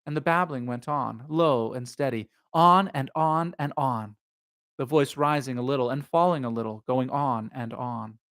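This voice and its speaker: Reading a novel aloud live, this host narrates steadily, then muses about the story in unscripted, casual asides. He has a medium-pitched, slightly bright voice.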